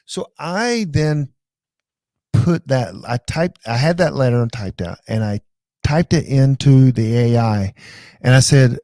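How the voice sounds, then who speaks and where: A middle-aged man hosting a live show, chatting casually and telling rambling, animated stories full of restarts. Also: mid-range voice, unhurried, no echo, studio quality. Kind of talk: casual live-stream chat.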